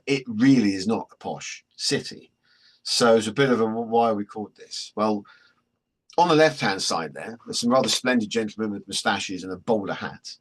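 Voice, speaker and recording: A man gives a workshop talk with a slightly low, husky voice. He tells stories in a chatty, joking way and keeps the audience with him. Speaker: workshop presenter.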